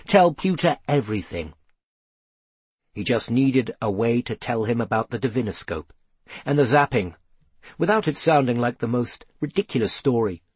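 A man reading a children's fantasy story aloud in a measured storytelling delivery. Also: medium pitch, expressive, breathy edge, dry recording. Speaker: audiobook narrator. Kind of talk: scripted narration.

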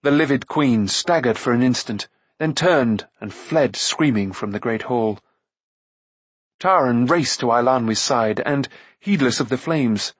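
A man reading a fantasy novel aloud as audiobook narration, in a measured storytelling manner. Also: mid-range voice, husky, dry recording.

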